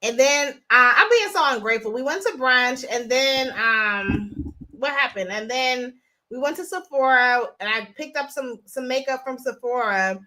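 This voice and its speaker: A woman's voice: high-pitched, normal speed, bright, forceful tone. A woman hosting a live stream, talking casually and bluntly to her viewers and swearing freely. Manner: chatty, blunt, profane. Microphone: phone.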